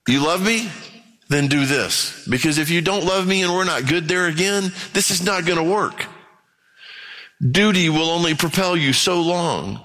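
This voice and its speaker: A pastor preaching a sermon in a conversational way, often growing impassioned. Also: male voice, high voice, gravelly, fairly bright tone. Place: church. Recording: long reverb of a church hall.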